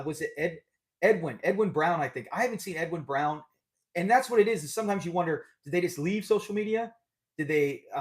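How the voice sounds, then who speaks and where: High-voiced man hosting a live stream. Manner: chatty, upbeat, laughs often. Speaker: host of a live trivia stream. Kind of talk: casual live-stream chat.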